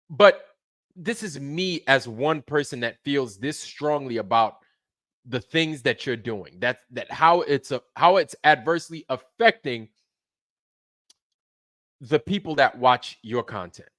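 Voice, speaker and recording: A man's voice: on the high side, a little slow, fairly bright tone, dry recording. A man hosting his channel, delivering an angry, profane rant full of repeated phrases. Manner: heated, profane, repeats himself. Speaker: channel host.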